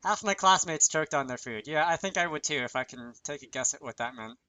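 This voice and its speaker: Man, slightly high and bright, reads a visual novel with joking asides. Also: animated, brisk, clear, resonant tone. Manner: self-deprecating, chatty asides. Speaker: channel host.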